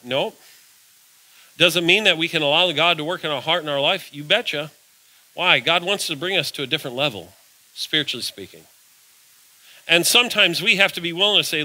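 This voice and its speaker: A man's voice: a little high, sharp tone, rough recording. A man preaching an evening sermon in a church, folksy, posing rhetorical questions and answering them himself. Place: church sanctuary.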